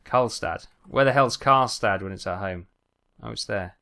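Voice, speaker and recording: A man's voice: on the low side, moderate pace, creaky, bright, forceful tone. A man hosting a casual let's-play of a trucking game, rambling along and breaking into exasperated outbursts. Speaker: gaming channel host. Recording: game engine noise underneath. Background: truck simulator engine and road sounds.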